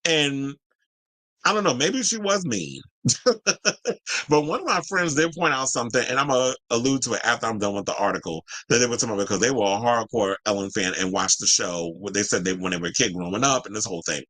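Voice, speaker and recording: A man's voice: mid-range voice, a little fast, pushed and bright, poor audio. A man hosting a celebrity news commentary, reading an article aloud and breaking off into chatty opinions, sometimes stumbling over names.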